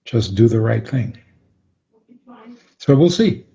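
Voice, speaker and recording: A man, a rabbi, calmly explaining on a radio talk program and chuckling often. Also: mid-range voice, slow, creaky. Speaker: rabbi guest. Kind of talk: radio interview, Torah teaching. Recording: dull lo-fi radio audio.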